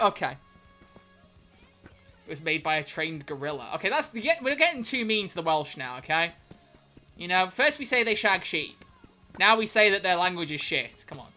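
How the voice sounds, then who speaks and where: Bright-voiced streamer. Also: male voice, high-pitched, sing-song, soft background music. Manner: joking, swearing, quick self-corrections. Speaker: livestreamer. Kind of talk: casual stream chat, reading chat aloud.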